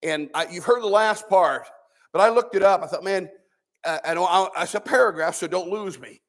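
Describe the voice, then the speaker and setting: A man's voice: sits high, normal speed. A man, a pastor, teaching a Sunday school sermon in a preachy, conversational way with sarcastic asides.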